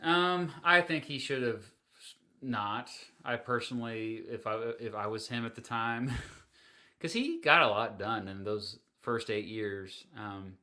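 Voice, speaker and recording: Bright-voiced man hosting a livestream. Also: medium pitch, lively intonation, a little slow. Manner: chatty, answers viewer questions with fillers and laughs. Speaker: livestream host. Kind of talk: casual livestream Q&A.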